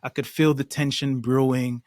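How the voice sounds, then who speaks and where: A man's voice: mid-range voice, little pitch movement, moderate pace, a little mellow, no echo, clean studio sound. A man, a podcast guest, earnestly recounting a personal story with emphatic, acted-out quotes.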